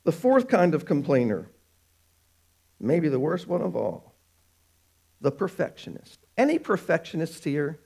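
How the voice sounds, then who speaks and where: A man preaching a sermon, animated, stretching out words for emphasis. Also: fairly high pitch, gravelly, husky. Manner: animated, drawn-out emphatic phrases.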